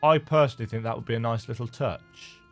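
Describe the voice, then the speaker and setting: A man's voice: mid-range voice, quick pace, fairly bright tone. A man casually commenting while he plays a video game, musing aloud, humming to himself and poking fun at himself. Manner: musing, self-deprecating, hums to himself. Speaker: game streamer. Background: faint game music.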